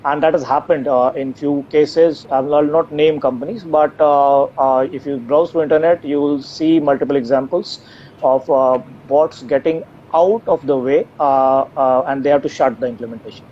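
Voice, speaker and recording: A man's voice: on the high side, fairly even intonation, normal speed. A man answering audience questions as a tech company's co-founder, talking with many fillers and restarts. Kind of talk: live Q&A interview answers. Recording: dull lo-fi live stream audio with faint noise.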